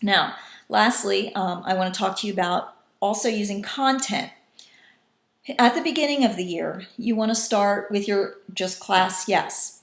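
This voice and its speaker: A woman's voice: medium pitch, a little slow, gravelly. A woman teacher explaining a classroom technique to other teachers in a patient, instructional way, now and then acting out calls in different voices. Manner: patient, demonstrating call-and-response in varied voices. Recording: echoey room.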